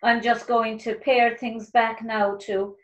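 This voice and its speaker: A woman's voice: a little high, flat delivery, slow pace, poor audio. A woman hosting a casual interview show, who chimes in often and sums up her guest's points with enthusiasm. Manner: eager, chimes in often with exclamations. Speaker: talk show host.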